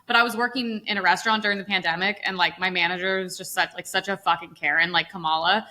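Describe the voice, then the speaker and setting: A woman's voice: lowish voice, fairly even intonation, fast talker, sharp tone. A woman co-hosting a podcast in casual, profane political chat, often mimicking other people's voices. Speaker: podcast co-host.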